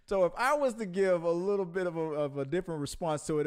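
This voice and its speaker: A man's voice: sits high, fast talker, few pauses, clear, resonant tone. A man co-hosting a casual movie news show, rambling with many fillers and restarts. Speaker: podcast co-host.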